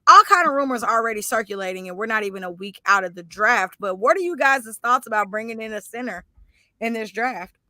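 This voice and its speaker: A woman co-hosting a podcast, chatting about football in a talkative, animated way and correcting herself as she goes. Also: a little high, brisk, no room sound. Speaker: podcast co-host. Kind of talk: casual sports chat.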